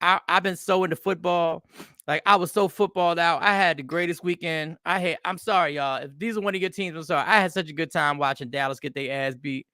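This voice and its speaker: A man hosting a podcast, telling rambling stories in a loose, animated comedic monologue. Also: a little high, brisk, dry recording, studio quality. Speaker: podcast host.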